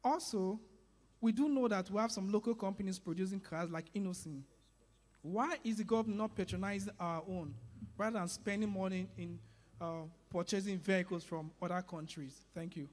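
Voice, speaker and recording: High-voiced man with a Nigerian English accent, earnest audience questioner, reverberant hall. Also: moderate pace. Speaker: audience member asking a question.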